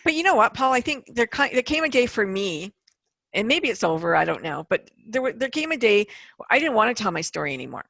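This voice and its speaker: Gravelly-voiced woman host, candid. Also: on the high side, big pitch swings, brisk, a bit bright, no echo. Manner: candid, storytelling with quoted voices. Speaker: podcast host. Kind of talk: casual interview chat.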